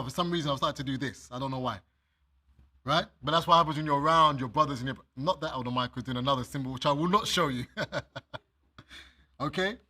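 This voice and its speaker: A man's voice: a little high, sharp tone, slightly rough. A man preaching a sermon. He reads scripture aloud, explains it, and speaks straight to his listeners with everyday examples. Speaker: minister.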